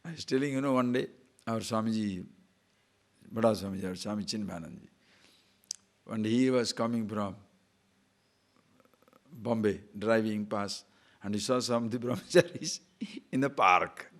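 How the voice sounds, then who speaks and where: An older man gives a spiritual teaching talk, telling stories in an animated way and laughing often. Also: lowish voice, moderate pace, pauses often. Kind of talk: scripture talk.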